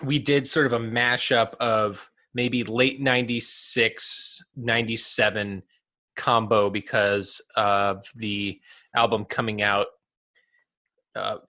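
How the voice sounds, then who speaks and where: A man's voice: fairly low pitch, pushed and bright. A man in his thirties with a New Jersey accent hosting a podcast in casual chat, jokey and laughing often. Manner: jokey, laughs a lot, drops into goofy voices. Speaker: podcast host.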